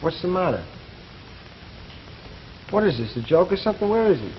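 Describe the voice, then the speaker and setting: Young soldier, direct questions, slightly high voice, muffled old TV sound. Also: male voice, big pitch swings, moderate pace, slight background noise. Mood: puzzled. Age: young adult. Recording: muffled 1950s television recording.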